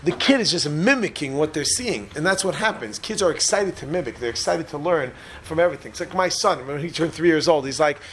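A man's voice: on the high side, lively intonation, brisk, hardly any pauses, fairly bright tone, slight background noise. A man giving an informal Torah class in a joking, chatty way, often putting questions to his listeners. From Israel. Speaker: rabbi teaching a class.

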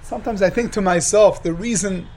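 Man, rabbi, lively sermon, high voice, acts out dialogue, faint background noise. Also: a little fast, low-quality recording. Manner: animated, acts out dialogue, repeats phrases for emphasis. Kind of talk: sermon with storytelling.

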